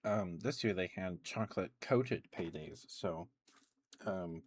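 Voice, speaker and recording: Soft-spoken low male ASMR streamer. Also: takes it slowly, husky, no echo. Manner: soft, relaxed, eating while talking.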